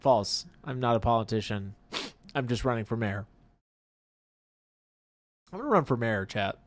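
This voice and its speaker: A man co-hosting a live stream, reading chat aloud in animated, teasing banter full of exclamations. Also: medium pitch, moderate pace. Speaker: livestream co-host reading chat.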